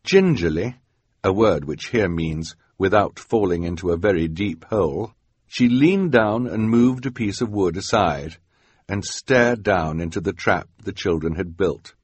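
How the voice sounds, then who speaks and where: A man reads a storybook aloud with wry, expressive narration. His voice is low and husky, with lively swings in pitch. The recording is close and dry. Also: a little slow, no room sound. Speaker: audiobook narrator.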